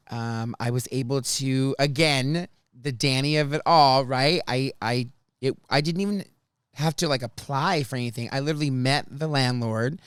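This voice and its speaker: A man hosting a podcast, telling stories from his life in a chatty, animated way. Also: medium pitch, smooth, no room sound, clean studio sound. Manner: chatty, animated, restarts and laughs often. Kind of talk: casual storytelling chat.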